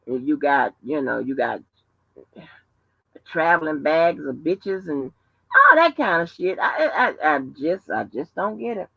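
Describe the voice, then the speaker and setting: Woman going off on a home livestream, swooping way up and down, lots of cussing, bright voice, dull lo-fi sound. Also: low-pitched, measured pace, gravelly, no room sound. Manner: animated, profane, emphatic storytelling. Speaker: livestream host. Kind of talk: casual livestream rant.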